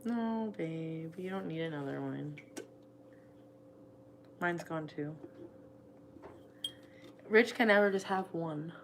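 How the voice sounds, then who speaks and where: A woman's voice: deep voice, slow pace, long pauses, a little hiss or hum. A woman co-hosting a casual chat, talking in a matter-of-fact, teasing way. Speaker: co-host, stepparent.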